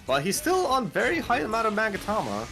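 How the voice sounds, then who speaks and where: Young male play-by-play voice, a bit high and very animated, excitable calls over music. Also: fast talker, vocal fry. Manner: excitable, calls plays, swings up to near shouts. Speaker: esports play-by-play commentator. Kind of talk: live fighting game commentary.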